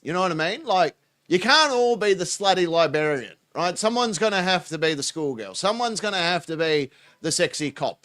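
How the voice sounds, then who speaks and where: A man's voice: sits high, bright, forceful tone. A foul-mouthed man hosting a mocking reaction commentary show, laughing as he talks. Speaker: host.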